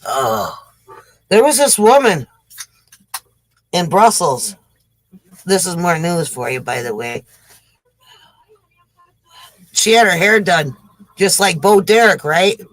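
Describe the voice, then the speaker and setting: Casting: breathless man telling jokes on a livestream, high voice, dry close sound, chatty with viewers. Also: big pitch swings, takes it slowly, pauses often, a bit bright, no echo, rough recording. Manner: chatty, addresses viewers as folks. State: short of breath, on oxygen. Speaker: livestream joke teller. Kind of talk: casual livestream joke telling.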